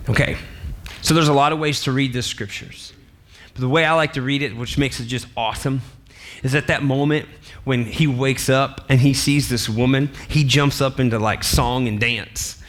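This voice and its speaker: A man who is a pastor, preaching a sermon in an animated, playful way and laughing often. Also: mid-range voice, normal speed.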